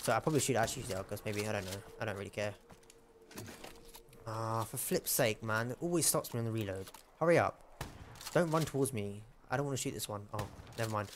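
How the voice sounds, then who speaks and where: A man's voice: on the low side, fast talker, slight background noise. A young man giving casual, self-mocking gameplay commentary and chatting to the enemies. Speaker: gamer.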